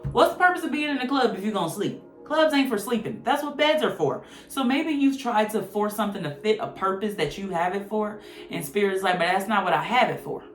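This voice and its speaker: A woman's voice: mid-range voice, lively intonation, a little fast, hardly any pauses. A woman giving a casual tarot reading, blunt, slangy and profane, joking as she goes. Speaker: tarot reader. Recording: roomy echo with faint music.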